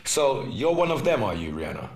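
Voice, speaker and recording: A man hosting a live podcast in casual chat, animated and teasing, laughing often and slipping into patois. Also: medium pitch, fairly quick. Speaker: podcast host. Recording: echoey room with faint music.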